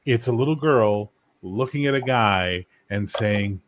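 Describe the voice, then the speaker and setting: A man's voice: fairly low pitch, fairly even intonation, unhurried, a little hiss or hum. A man co-hosting a podcast, chatting casually and needling the others in brash, teasing banter. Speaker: podcast co-host.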